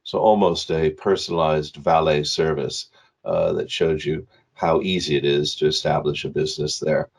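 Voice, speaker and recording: Male webinar presenter, very low husky voice, measured delivery, lots of hesitations. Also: little pitch movement. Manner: measured, with many filler hesitations. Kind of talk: presenting slides in an online webinar.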